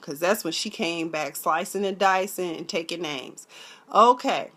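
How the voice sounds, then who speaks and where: Woman, vlogger, sassy, slangy, animated recap, casual. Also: fairly low pitch, measured pace. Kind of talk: casual episode review.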